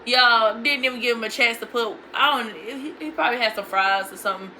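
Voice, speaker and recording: Blunt, bright-voiced young woman telling a story. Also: fairly high pitch, fairly quick, slight background noise, poor audio. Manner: blunt, profane, animated retelling. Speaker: vlogger. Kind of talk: casual storytime.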